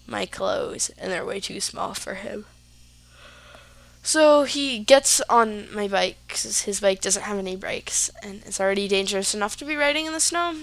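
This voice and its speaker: A woman's voice: medium pitch, vocal fry, a bit bright, no room sound. A teenage girl hosting a podcast, telling a story casually with lots of "like" and "yeah". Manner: chatty, lots of fillers like "like" and "yeah". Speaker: podcast host.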